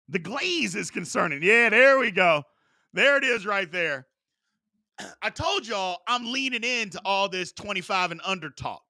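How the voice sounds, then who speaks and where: A chatty man in his forties runs a live sports talk show, reading viewer questions and riffing on them. His voice sits high and sounds very bright and sharp. The sound is dry, with almost no room around it. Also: a little slow, creaky, no echo. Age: 40s. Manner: animated, chatty, reads viewer questions aloud.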